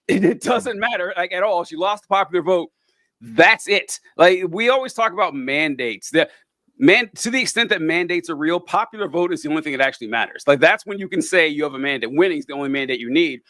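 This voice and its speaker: A man in casual political chat, often incredulous and quick to laugh. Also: fairly high pitch, fairly bright tone, no echo. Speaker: political commentator.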